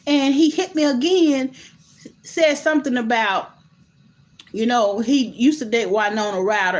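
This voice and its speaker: A woman with a slightly high voice chats straight to her viewers. She is animated and incredulous, stumbles through restarts and keeps throwing in asides as she talks. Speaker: host. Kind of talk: casual commentary vlog.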